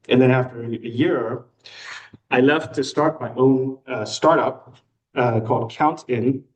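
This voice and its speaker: A man in his thirties from Hong Kong with an American accent delivers a prepared talk to a club. He pokes fun at himself between "uh"s, at a middle pitch. The microphone sits well away from him in a meeting room. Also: darkish tone. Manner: self-deprecating humor, occasional filler words. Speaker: new club member giving a talk. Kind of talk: prepared personal speech. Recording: voice picked up from a distance.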